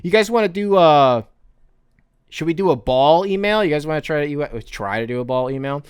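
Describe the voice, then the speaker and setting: A man hosts a casual sports podcast, his voice sitting a little high and coming through smooth and clear. He rants with heat, swears freely and keeps circling back to restart his thoughts. The sound is dry and close, with no room around it. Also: expressive, a little fast, dry recording. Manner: heated, profane, rambling with restarts. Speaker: podcast host.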